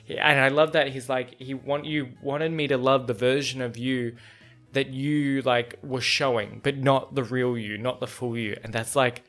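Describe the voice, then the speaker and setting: A young man hosting a book club, chatting excitedly and rambling with lots of fillers and swearing, sometimes reading passages aloud. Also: medium pitch, normal speed, faint music behind. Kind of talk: casual reading reaction and read-aloud.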